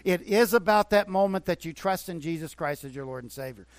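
A man's voice: high-pitched, lively intonation, brisk, no room sound. A man preaching a sermon as a pastor, talking earnestly and conversationally, repeating phrases for emphasis. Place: church.

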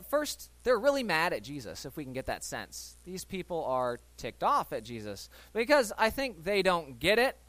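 Male pastor, high and very animated delivery, dry close sound, conversational sermon. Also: dry recording. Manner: animated, acts out voices in Bible stories; conversational, asks the listeners questions.

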